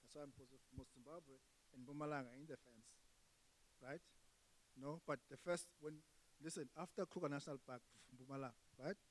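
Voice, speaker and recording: A young South African man doing stand-up comedy and crowd work, jumping between loud outbursts and hushed asides. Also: mid-range voice, steady tone, fairly quick, poor audio.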